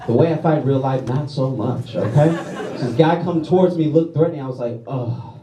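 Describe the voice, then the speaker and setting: A man from Louisiana doing a stand-up set, self-deprecating, tagging lines with quick "all right?" and "okay?" asides. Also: medium pitch, far from the mic. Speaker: stand-up comedian. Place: comedy club stage with a live audience. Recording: roomy venue audio with crowd laughter.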